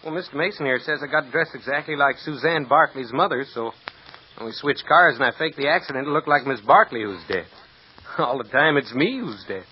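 Actor doing a stunt driver, folksy drawl, nervous, old radio drama, muffled lo-fi sound. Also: male voice, medium pitch, expressive, a little fast, slight background noise, natural voice. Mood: uneasy. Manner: folksy drawl, plain country speech. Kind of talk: 1950s radio drama acting. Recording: dull lo-fi old radio recording.

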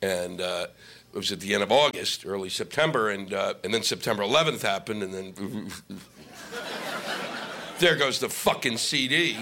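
A man's voice: lowish voice, lively intonation, normal speed, pushed and bright. A man doing a live stand-up comedy set, ranting and sarcastic, heavy on profanity. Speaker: stand-up comic. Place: live comedy venue with laughing audience. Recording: live set with audible audience noise.

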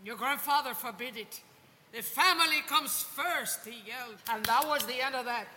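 A woman's voice: high voice, moderate pace, sharp tone. A woman telling old family stories. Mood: wistful. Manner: storytelling, matter-of-fact. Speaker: family elder telling a story to a child. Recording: room reverb, faint background noise.

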